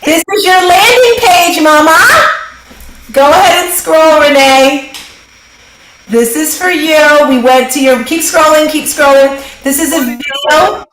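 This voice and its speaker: A woman hosting a live online business workshop, brisk and upbeat, giving quick directions over a video call. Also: high-pitched, echoey room, heavy background noise. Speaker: workshop host and business coach.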